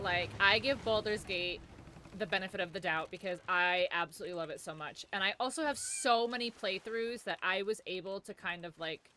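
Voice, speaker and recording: A woman's voice: fairly low pitch, bright, forceful tone. A young adult woman streaming a game, chatting casually with lots of "like" and the odd swear.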